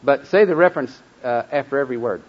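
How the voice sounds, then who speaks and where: A man of average pitch teaches a group to memorize scripture, drilling them in call-and-response and slowing to stress each word. He breaks in with folksy, self-deprecating asides. The recording is dull and lo-fi. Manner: leads call-and-response drills, slows and stresses words when reciting.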